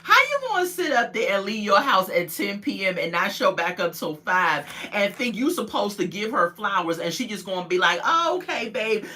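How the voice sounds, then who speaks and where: Bright-voiced woman recapping casually. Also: mid-range voice, moderate pace, few pauses. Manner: animated storytelling, acts out quotes, laughs often. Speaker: reality show recap vlogger. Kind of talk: casual chat.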